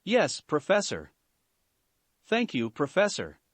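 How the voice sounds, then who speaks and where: A man's voice: fairly high pitch, wildly swooping pitch, slow, dry recording, exaggerated voice. A man voicing a flustered, apologetic young employee. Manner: apologetic, exasperated.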